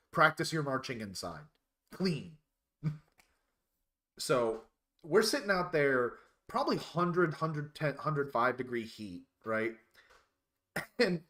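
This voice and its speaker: A man's voice: on the high side, fairly bright tone. A man casually telling rambling stories on a live stream, laughing at his own tales.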